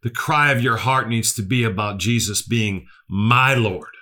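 A man's voice: lowish voice, measured pace, bright, forceful tone. A male preacher, delivering an earnest sermon that repeats key phrases and asks the listeners questions.

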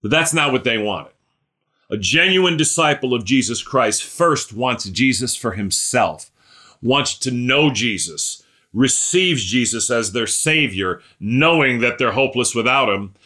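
Emphatic preacher, bright voice. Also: male voice, medium pitch, expressive, measured pace. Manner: swings from loud emphatic lines to hushed, mumbled asides. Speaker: pastor. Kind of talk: sermon.

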